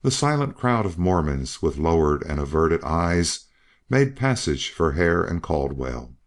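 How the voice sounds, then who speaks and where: A man's voice: extremely low pitch, very animated, measured pace. A man narrating a western novel as an audiobook reader. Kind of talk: scripted narration.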